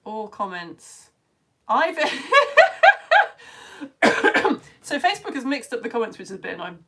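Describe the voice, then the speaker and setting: Bubbly woman teacher, higher voice. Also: big pitch swings, unhurried, sharp tone. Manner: bubbly, chatty, exclaiming names. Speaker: children's science teacher. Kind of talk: live-stream chat reading out viewer comments. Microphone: phone.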